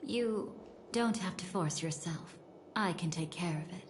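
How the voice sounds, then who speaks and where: An actress playing an enigmatic, teasing woman who speaks in a smooth, measured, mysterious way, recorded as game voice acting. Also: on the low side, a little hiss or hum. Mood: cryptic. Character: enigmatic, teasing woman with a cryptic, knowing air. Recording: reverberant game audio with music.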